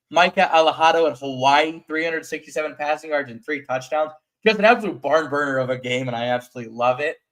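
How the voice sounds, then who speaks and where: A man co-hosting a casual sports chat show, reading through stats in a quick list. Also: a little high, a bit bright. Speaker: co-host.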